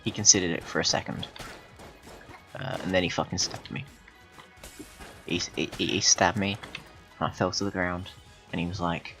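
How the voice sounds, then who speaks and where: Deep-voiced man telling absurd tales. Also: normal speed, pauses often, soft background music. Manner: deadpan absurd storytelling with frequent swearing. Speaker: gaming video host. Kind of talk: rambling comedic gameplay commentary.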